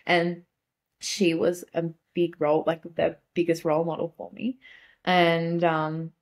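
A young adult woman, a guest in a casual conversation, speaking softly and haltingly with many fillers. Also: fairly low pitch, little pitch movement.

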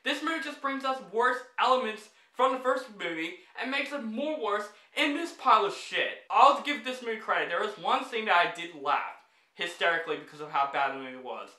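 Casting note: a male movie reviewer with a high, bright voice, fed-up ranting delivery, echoey room. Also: expressive, fairly quick. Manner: exasperated, blunt, swears freely.

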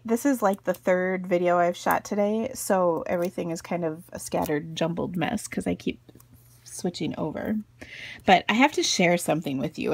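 Chatty woman with a gravelly, husky voice. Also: lowish voice. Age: middle-aged. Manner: chatty, giggly, self-deprecating asides. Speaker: craft video host. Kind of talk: casual crafting tutorial. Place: home craft room.

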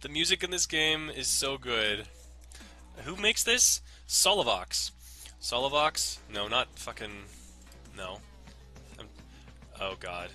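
Bright-voiced, jokey young gamer. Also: male voice, medium pitch, very animated, slow, long pauses. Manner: rambling, jokey, swears often. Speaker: let's play host. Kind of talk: casual gameplay commentary. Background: faint game music.

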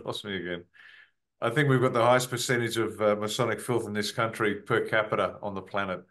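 A man's voice: lowish voice, fairly even intonation, brisk, fairly bright tone. A male host interviewing a guest over a video call, speaking hesitantly with repeated words and affirming remarks.

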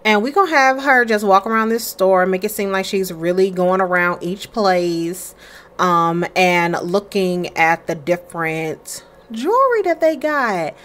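A young woman casually commenting as she plays a life-simulation game, chatting to viewers and voicing her characters in quick quoted asides. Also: mid-range voice, expressive, fairly bright tone. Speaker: gaming creator playing a life-simulation game. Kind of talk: casual let's-play commentary.

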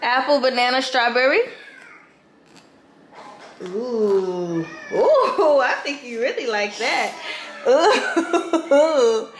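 A young mother with a lilt coos softly to her baby, drawing out every word very slowly. Her voice sits high. It is recorded in an echoey room at home, with clear household noise underneath. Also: lively intonation. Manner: cooing baby talk, slow and soothing. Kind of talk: home vlog, talking to a baby. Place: home kitchen with a TV on.

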